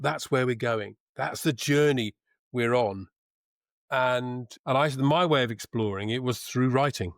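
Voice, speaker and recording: A man as a podcast guest, talking in a thoughtful, measured way with pauses, restarts and a trained actor's diction. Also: medium pitch, dry recording, clean studio sound. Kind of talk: reflective conversation.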